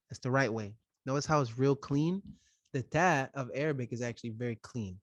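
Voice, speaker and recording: A man's voice: medium pitch, fairly quick, no echo. A man teaching a pronunciation lesson for Quran recitation. He speaks straight to the viewer into a close microphone and repeats short syllables to show the right and the wrong way.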